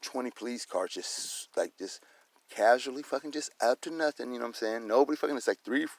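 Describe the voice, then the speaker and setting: Male vlogger, heated profane rant, gravelly and rapid. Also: mid-range voice. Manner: swears constantly, heated, repeats "you know what I'm saying". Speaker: vlogger filming a police and security encounter.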